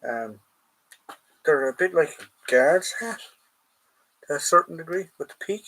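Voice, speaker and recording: Rooting through a drawer at home, this Irish host of a live collectibles stream chats in a loose, rambling way and addresses his audience as lads. His voice sits a little high and sounds pushed and bright, expressive but unhurried. It's a low-quality recording.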